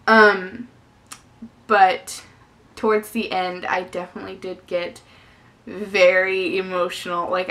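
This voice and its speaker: A young woman talks through a book tag on her vlog, bright and a little sharp in tone. She gushes freely and fills her talk with casual fillers. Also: medium pitch. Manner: chatty and effusive, lots of "definitely" and "like". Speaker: book vlogger.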